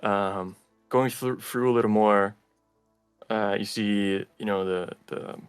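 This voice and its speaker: Halting man narrating a tabletop game. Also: on the low side, fairly even intonation, clear, resonant tone, no room sound, faint music behind. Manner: halting, full of fillers. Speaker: game master.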